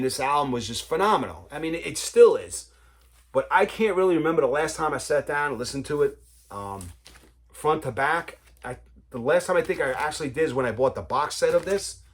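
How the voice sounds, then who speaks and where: A man hosting a vinyl collector's vlog in a casual, rambling way. He talks with enthusiasm and keeps adding "you know, man.". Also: medium pitch. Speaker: vinyl collector, channel host.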